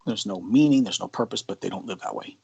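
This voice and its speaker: A man co-hosting a casual Christian discussion, telling anecdotes with frequent halting restarts. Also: fairly low pitch, creaky, darkish tone, slightly rough, lo-fi sound. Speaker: co-host of a Christian mentorship show.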